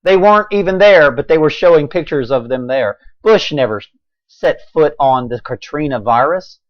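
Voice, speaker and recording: Man, preachy, somewhat high voice, dry muffled recording. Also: animated, moderate pace, dry recording. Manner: preachy, swings from loud raised voice to quiet intensity. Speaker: video blogger. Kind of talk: impassioned monologue.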